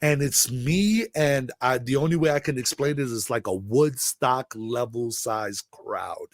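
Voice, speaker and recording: A middle-aged man from the Bronx tells a long personal story, his voice sitting at an ordinary mid pitch. He rambles and backtracks, leaning on fillers as he searches for words. The sound is dry, with no room echo. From the Bronx, New York. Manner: rambling, halting, with many "like" fillers and restarts. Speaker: interview guest. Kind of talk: storytelling interview.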